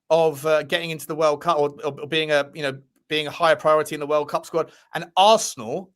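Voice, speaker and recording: A man's voice: fairly high pitch, fairly bright tone. Chatty man co-hosting. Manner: chatty, jokey, lots of restarts and fillers. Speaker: co-host of a football news show. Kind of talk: casual football chat.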